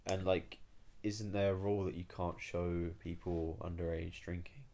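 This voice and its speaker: A man co-hosts a casual podcast in a deep, low voice. He pauses and qualifies himself as he works through his questions. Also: level tone, mellow. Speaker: podcast co-host. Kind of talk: casual chat.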